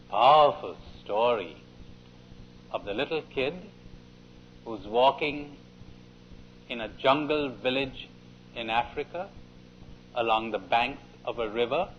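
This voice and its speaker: A man giving a spiritual talk to an audience and telling a story in an animated way. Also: mid-range voice. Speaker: speaker at a retreat conference. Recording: dull, faintly hissy 1980s cassette tape.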